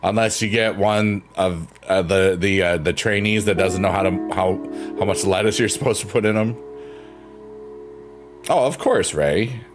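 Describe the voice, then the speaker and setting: A man's voice: deep voice, normal speed. A man casually chatting with his stream viewers, rambling and laid-back, laughing at himself. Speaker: livestreamer. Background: soft piano music.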